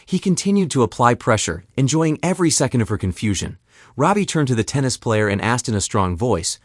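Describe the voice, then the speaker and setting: A man narrating a dramatic story in an expressive, scripted reading. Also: medium pitch, brisk, no room sound, clean studio sound.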